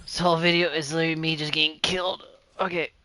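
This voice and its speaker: A man chatting loosely over his gameplay, rambling from thought to thought and laughing at himself. His voice is bright and a touch high, with faint background noise under it. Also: little pitch movement, fast. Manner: rambling, laughing often, self-mocking. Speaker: gamer. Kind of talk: casual gameplay commentary.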